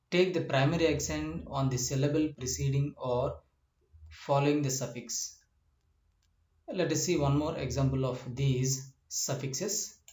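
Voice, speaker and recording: Slow-talking man lecturing in an echoey room. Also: medium pitch, darkish tone. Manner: slow, spells out letters, frequent uh fillers. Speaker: English teacher. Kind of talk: slide lecture on word stress.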